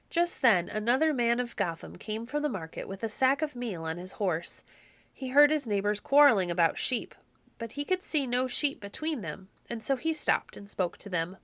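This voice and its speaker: A woman's voice: a little high, animated, a bit bright, no room sound. Woman reading a storybook, dry sound. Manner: measured, clear storytelling. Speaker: audiobook narrator. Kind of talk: storybook narration.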